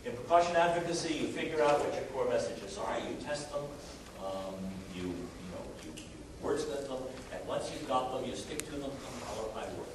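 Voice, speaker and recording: Picked up by a distant mic in a very echoey room with constant noise, a man gives a live talk on risk communication. His medium-pitched voice moves fairly quickly, and his wry, conversational delivery is packed with fillers and restarted sentences.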